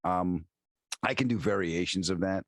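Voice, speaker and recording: A middle-aged man with a New York accent, a comedian and actor, telling animated stories on a podcast and restarting his sentences often. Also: low-pitched, normal speed, no echo, studio quality. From Long Island, New York. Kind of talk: casual storytelling interview.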